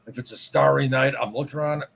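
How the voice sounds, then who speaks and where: A man's voice: medium pitch, fairly even intonation, fast talker, creaky, a bit bright, a little hiss or hum. A man hosting a casual podcast interview, talking frankly with swearing and many restarts. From Michigan. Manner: candid, swears, stumbling restarts. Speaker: podcast host.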